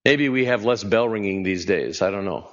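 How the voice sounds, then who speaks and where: A man's voice: on the low side, normal speed, big-room sound, dull audio. A man preaching a sermon in a conversational way, often putting questions to his listeners. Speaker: pastor.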